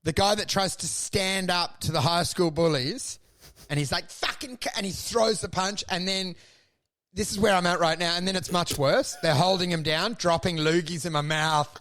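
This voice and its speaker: Comic co-host, bright, tense voice, absurd storyteller. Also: male voice, sits high, steady tone, normal speed. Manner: absurd, self-deprecating storytelling. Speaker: podcast co-host. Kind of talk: comedic podcast rant.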